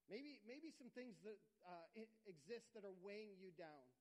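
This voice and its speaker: A male pastor with a notably high voice delivers a sermon in an earnest, conversational way. He is middle-aged and often stumbles and restarts mid-phrase. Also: very animated, moderate pace, a little mellow, poor audio.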